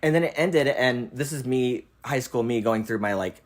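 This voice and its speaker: A young man in a relaxed film chat, talking at an everyday middle pitch. He is animated, laughs often and acts out quotes, with plenty of casual swearing. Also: normal speed, background noise. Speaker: host.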